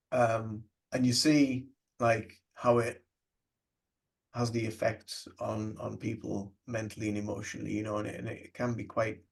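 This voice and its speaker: A man on a spiritual podcast with a gravelly, husky voice. He speaks in a flat, steady tone and weighs each thought in a measured, reflective way. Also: on the low side. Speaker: podcast co-host. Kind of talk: casual spiritual podcast discussion.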